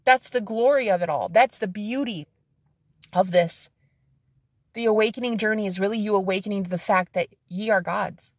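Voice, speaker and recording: A woman's voice: medium pitch, normal speed, no echo, clean studio sound. A woman in her thirties talking to camera in a casual vlog, blunt and defiant, swearing freely, repeating phrases for emphasis and laughing between lines. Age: 30s. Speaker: psychic medium.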